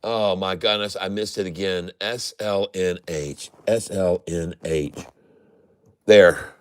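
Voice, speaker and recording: A middle-aged man hosting a day-trading channel, giving excitable, exclamatory live trading commentary with mild cursing. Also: on the low side, unhurried, smooth, dry recording.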